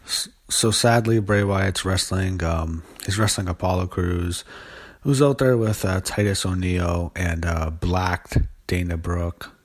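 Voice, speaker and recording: Casual low-voiced man recapping wrestling. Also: steady tone, unhurried. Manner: loose and rambling, many fillers, blunt and profane. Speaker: wrestling show reviewer.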